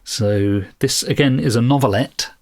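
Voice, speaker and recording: A man's voice: medium pitch, unhurried. A man co-hosting a book discussion podcast, talking in a thoughtful, self-deprecating way and explaining at length. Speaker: podcast co-host.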